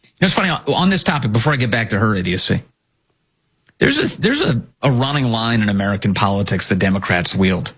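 Husky, indignant male commentary host. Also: fairly low pitch, very animated, brisk, a bit bright. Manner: indignant, hammering rhetorical questions. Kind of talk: opinionated commentary.

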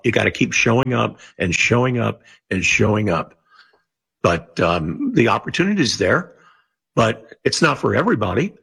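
A man's voice: mid-range voice, creaky, fairly bright tone, breathy edge. An older man who is a guest on a radio talk show, speaking in a plainspoken, earnest way and repeating points for emphasis. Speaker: radio guest, former network radio executive. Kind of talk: casual radio interview.

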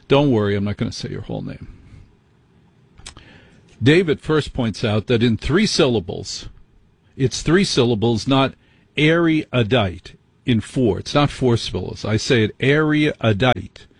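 A middle-aged man from the United States hosts an overnight radio show, rambling through listener mail with wry, self-deprecating asides. His voice is husky and sits at an ordinary pitch. The sound is dry and close, with no room echo. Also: a little mellow. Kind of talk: casual late-night radio chat.

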